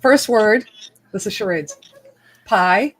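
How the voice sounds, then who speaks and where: A woman's voice: medium pitch, slow, fairly bright tone, husky, low-quality recording. Bubbly woman hosting a live stream. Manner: bubbly and giggly, chats while cooking. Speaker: host of a live stream hangout. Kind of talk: casual live-stream chat. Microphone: video call.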